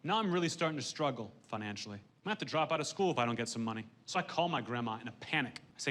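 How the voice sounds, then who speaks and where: A young man telling a stand-up story with brisk, deadpan timing. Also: medium pitch. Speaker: stand-up comedian.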